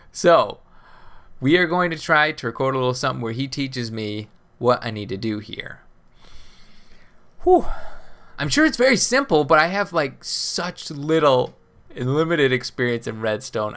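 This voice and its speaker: A man's voice: mid-range voice, big pitch swings, normal speed, fairly bright tone, smooth. A man hosting a casual gameplay video, rambling and thinking aloud with self-deprecating asides about his building troubles. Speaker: Minecraft let's play host.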